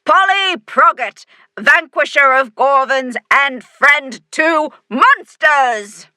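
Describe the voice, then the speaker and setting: A woman voicing a kindly female monster mayor with a low, growly voice, speaking slowly and solemnly in a storybook reading. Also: no echo, studio quality, lightly acted. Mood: formal.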